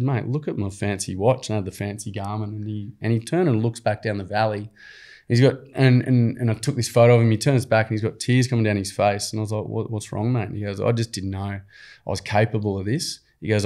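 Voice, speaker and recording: A young adult Australian man, a podcast guest, telling stories in casual, slangy, earnest chat. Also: on the low side. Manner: earnest, slangy, animated storytelling. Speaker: podcast guest, program founder. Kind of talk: casual storytelling.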